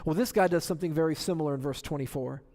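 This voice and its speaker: A man's voice: on the high side, very fast, warm tone, big-room sound. A man preaching a sermon, retelling scripture dramatically and asking rhetorical questions. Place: church sanctuary.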